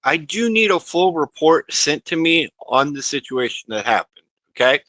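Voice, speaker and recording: Bright-voiced man, reassuring in role-play. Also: fairly high pitch, big pitch swings, normal speed, no room sound, low-quality recording. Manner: reassuring, keeps asking "okay?". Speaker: player. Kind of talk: in-character role-play in a tabletop game.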